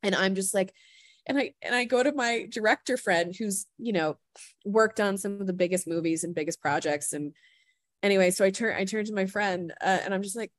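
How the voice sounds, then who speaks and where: A woman guest on a podcast telling a story in casual chat, animated and full of "like" fillers, acting out what people said. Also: mid-range voice, fairly quick, dry recording. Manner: animated storyteller, heavy "like" fillers, acts out quotes.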